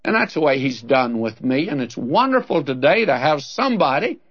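An older man giving a radio Bible teaching in an earnest, folksy preaching manner, slowing down to stress key words. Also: fairly high pitch, very animated. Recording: dull lo-fi old radio recording.

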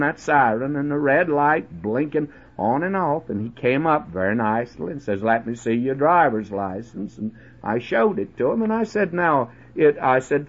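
A man preaching on the radio, telling a personal story in a chatty way, with many halting restarts. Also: fairly high pitch. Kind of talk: folksy sermon with personal anecdote. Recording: dull lo-fi old radio recording.

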